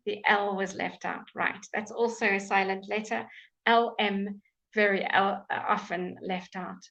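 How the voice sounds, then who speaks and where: A woman with a British accent teaching English pronunciation in a live online class, enunciating words slowly and clearly, with frequent fillers. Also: medium pitch, fairly even intonation, a bit bright, highs cut off. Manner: slow, clear, drawn-out enunciation with many fillers. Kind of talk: live online language lesson.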